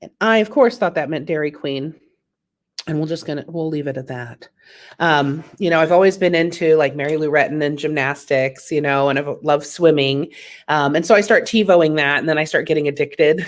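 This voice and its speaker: Woman, stand-up comic, self-deprecating, chatty, fairly low voice, video call. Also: moderate pace. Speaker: stand-up comedian.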